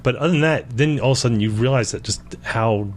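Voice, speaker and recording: A man's voice: medium pitch, fast talker, slight background noise. A man from Central Maryland co-hosting a casual podcast chat at a kitchen table, rambling and talkative. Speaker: co-host.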